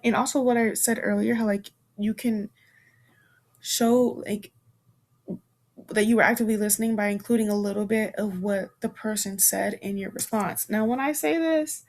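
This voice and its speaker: A woman in her twenties hosts a podcast with a slightly high-pitched voice. She talks in a loose, chatty way, full of fillers and restarts. She is frank and playful and swears lightly now and then. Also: a little mellow. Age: 20s. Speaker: podcast host. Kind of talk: casual chat.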